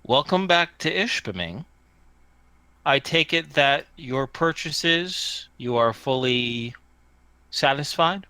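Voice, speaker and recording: A man voicing a mysterious stranger on a radio in a tabletop game, speaking slowly and formally. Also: on the high side, lively intonation, bright, forceful tone, smooth, no room sound, full character voice. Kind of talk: tabletop role-play.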